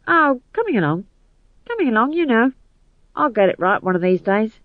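A man's voice: very high-pitched, sing-song, normal speed, no room sound, narrow, tinny audio, pitched above the performer's own voice, exaggerated voice. A man voicing a wistful, evasive male troupe boss in an audiobook reading. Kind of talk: audiobook narration.

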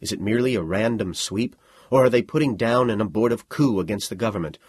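A man narrating a science fiction story in an expressive, dramatic audiobook reading. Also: lowish voice, fast talker, husky, dry recording, studio quality.

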